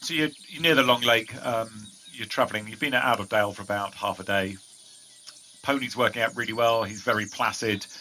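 A man's voice: lowish voice, sharp tone, slight background noise. A man narrating a tabletop fantasy game as game master, describing scenes with frequent restarts.

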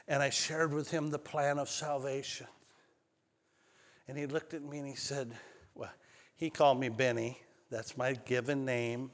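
A male pastor telling a personal story in a sermon, swinging between loud calls and hushed lines. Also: medium pitch, level tone, a little slow, long reverb tail. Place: church sanctuary.

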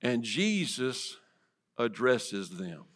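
Male pastor, mid-pitched, dynamic sermon delivery, drops to whispers for effect. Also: sing-song, drawn-out words. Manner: dynamic preaching, swinging from loud emphasis to soft whispers. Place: church sanctuary.

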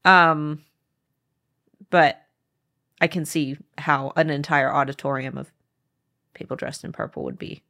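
A woman co-hosting a book podcast in a casual chat, lively and blunt, swearing casually. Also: low-pitched, measured pace, pauses often. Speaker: podcast co-host.

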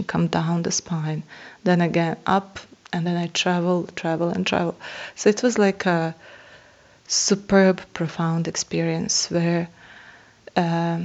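A woman tells a personal spiritual story in an earnest, awed way, with soft laughs and hesitations. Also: on the low side. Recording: dull lo-fi sound.

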